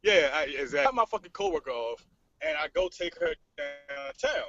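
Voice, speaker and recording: A man co-hosting a podcast, telling a story in casual chat, cursing freely and animated. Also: on the high side, brisk, creaky, dry recording. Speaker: podcast co-host. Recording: dull lo-fi podcast recording.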